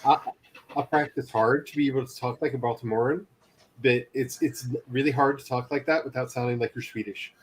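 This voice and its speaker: A man's voice: mid-range voice, fairly even intonation, a little fast, slight background noise. A man in casual chat, teasing his friends and telling long, rambling stories. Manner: teasing, rambling anecdotal storyteller.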